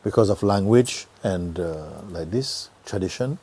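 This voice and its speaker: A middle-aged man giving a gentle satsang talk as a spiritual teacher, often dropping to a near whisper and laughing easily. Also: low voice, lively intonation, unhurried, husky. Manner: laughs easily, joyful and earnest.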